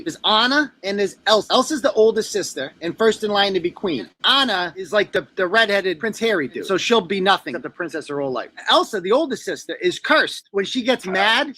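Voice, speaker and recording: Man with a bright, lively voice doing a cursing comedy rant; dry close sound. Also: high voice, no room sound. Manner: profane, animated, sarcastic.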